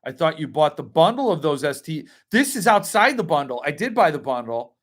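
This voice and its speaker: A man's voice: a little high, sing-song, fairly quick, a bit bright. A man hosting a casual livestream, rambling as he reads and answers chat comments. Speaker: host.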